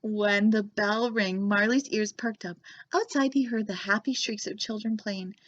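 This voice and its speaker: A woman, a children's librarian, reading a picture book aloud with animated, expressive storytelling. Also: medium pitch, unhurried. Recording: dull lo-fi sound.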